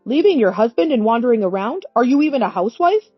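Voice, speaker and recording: Woman voicing a domineering, scornful middle-aged husband; irritable sneer, somewhat husky, dry dull recording. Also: a little high, big pitch swings, fast talker, no echo, faint music behind.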